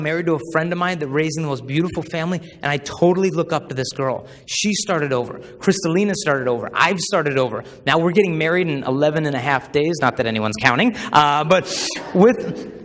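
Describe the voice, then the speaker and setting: A young man with a fairly high voice gives a live talk in a large hall, where a long reverb trails after his words. He tells funny stories and slips into the voices of the people he quotes. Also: a little fast, fairly bright tone. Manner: humorous storyteller who acts out quoted voices. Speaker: speaker at a chastity talk.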